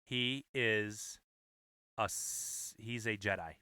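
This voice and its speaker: A man co-hosting a casual podcast with a bright, smooth voice, rambling and backing up to restart his sentences. The recording is close and dry. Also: lowish voice, slow pace, no room sound. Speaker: podcast co-host. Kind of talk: casual chat.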